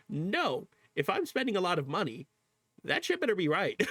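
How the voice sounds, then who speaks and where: A man's voice: high voice, big pitch swings, normal speed, fairly bright tone, dry recording. A male streamer chatting casually to viewers while reacting to a video, laughing often, swearing freely and exclaiming at what he sees. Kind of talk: casual livestream reaction chat.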